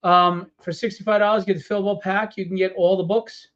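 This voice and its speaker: A weary man with a high voice talks through his comic book campaign live, full of ums and uhs. He sounds fed up and annoyed as he goes. The stream audio is muffled and lo-fi. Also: level tone, fast talker, a bit bright. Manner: rambling, audibly frustrated and annoyed, with many fillers. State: tired. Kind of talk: casual live-stream walkthrough.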